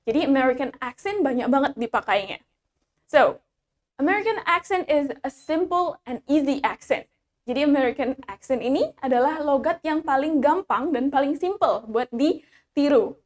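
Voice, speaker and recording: A woman with an Indonesian accent leads an English class, her voice pitched high. She moves between English and Indonesian, slowing down to model each example word for learners to repeat. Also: expressive. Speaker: English teacher. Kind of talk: bilingual English lesson.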